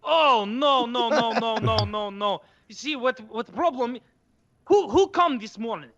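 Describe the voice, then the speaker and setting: A burly Eastern European repairman, played by a man, frets and repeats himself in broken English. His voice sits high and bright. The sound is dull and dry. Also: animated, a little slow, full character voice. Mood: alarmed, scolding. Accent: Eastern European, imitated. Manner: broken English, agitated and repetitive.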